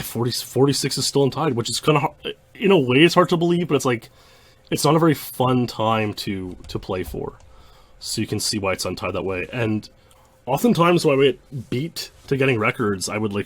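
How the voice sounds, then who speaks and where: A young man narrates gameplay footage in an easygoing, rambling commentary style. He trips over himself, circles back and leans on fillers as he goes. His voice sits slightly low for a man. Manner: loose and rambling, many fillers and restarts. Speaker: speedrun history host.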